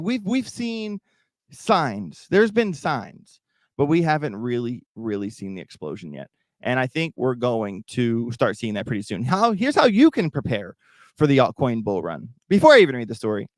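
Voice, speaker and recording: A man's voice: on the high side, dry recording, studio quality. A man hosting a crypto livestream in casual, rambling talk, often restarting and repeating himself while addressing viewers. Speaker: crypto YouTube host.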